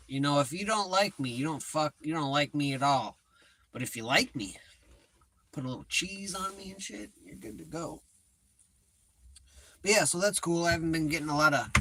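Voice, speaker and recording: On a livestream, an American host chats casually in a fairly high, sharp-toned voice. He rambles, swears freely and cracks jokes at his own expense.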